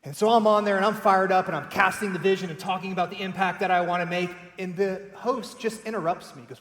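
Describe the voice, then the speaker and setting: A man giving a keynote talk at a conference, telling stories in an animated way and acting out the voices of people he quotes. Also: high-pitched, fast talker, few pauses. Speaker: conference speaker, company co-founder. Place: large conference hall. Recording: echoey hall, voice heard from a distance.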